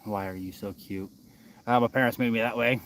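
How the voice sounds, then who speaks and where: A man casually chatting on a live stream from outdoors in the woods, reading chat and speaking in a relaxed way with many filler uhs. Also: lowish voice, a little fast.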